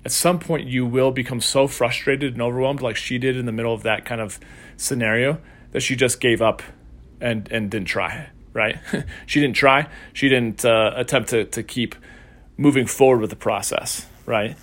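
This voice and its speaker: A man hosting a casual solo podcast as a coach, telling a story in a relaxed, conversational way. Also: medium pitch, normal speed. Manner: conversational storytelling, acts out quoted voices.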